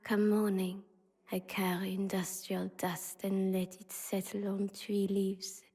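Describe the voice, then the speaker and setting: A woman voicing the spirit of a city in a whispered role-play, speaking slowly in a breathy, intimate hush. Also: medium pitch, completely flat delivery. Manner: slow, hushed and intimate. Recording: long hall reverb.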